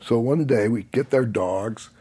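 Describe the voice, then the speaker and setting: Husky man telling a rambling story. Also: medium pitch, unhurried. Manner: rambling, animated, laughs through the telling. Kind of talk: casual storytelling.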